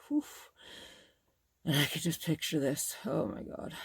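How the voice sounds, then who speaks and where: A middle-aged woman with a low-pitched voice hosts a bag-making vlog, with no echo. In casual show-and-tell style, she rambles, gushes, and exclaims while showing off her materials.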